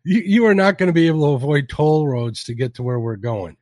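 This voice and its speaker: A male podcast host chats loosely with his guests, often stumbling and restarting as he reads out viewer comments. His voice sits a little high for a man, and the sound is dry and close. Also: expressive, brisk, darkish tone, no room sound. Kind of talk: casual livestream chat.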